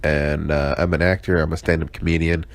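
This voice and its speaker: A man's voice: very deep voice, little pitch movement, brisk, no echo. A young man hosting his own casual podcast, hungover, sarcastic, rambling and swearing constantly with lots of fillers and restarts. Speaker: podcast host. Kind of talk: casual solo podcast check-in.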